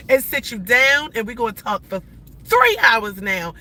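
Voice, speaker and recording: Blunt, sharp-voiced woman in her forties. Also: fairly high pitch, animated, normal speed. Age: 40s. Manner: blunt, emphatic and slangy, rambling with restarts. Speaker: livestreamer. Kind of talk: casual livestream talk to viewers. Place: in or near a vehicle in traffic.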